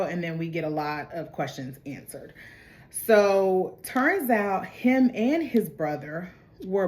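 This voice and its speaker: Chatty woman recapping a TV episode. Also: mid-range voice. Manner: chatty, slangy, acts out characters' lines. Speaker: TV recap host. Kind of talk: casual recap chat.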